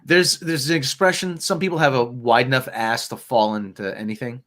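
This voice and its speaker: A man's voice: medium pitch, brisk, a bit bright. A man in casual podcast chat, joking and laughing often.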